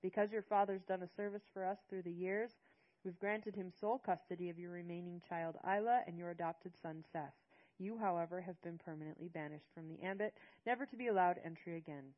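A loud, lecturing male council leader, as a woman reader puts him on in an audiobook. The voice sits low and stern. The recording has a dull, lo-fi sound. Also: brisk, close to an everyday voice.

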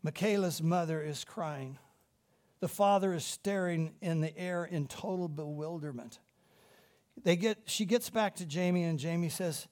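A man preaching a sermon with animated storytelling, swinging between loud emphasis and hushed tones. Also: sits high, moderate pace.

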